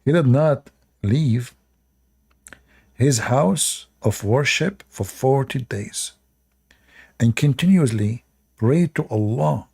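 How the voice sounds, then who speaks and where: A man's voice: mid-range voice, expressive, slow, gravelly, long pauses, warm tone, slightly rough. A man giving sarcastic commentary while reading religious stories aloud, often laughing at them. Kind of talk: mocking commentary on religious texts.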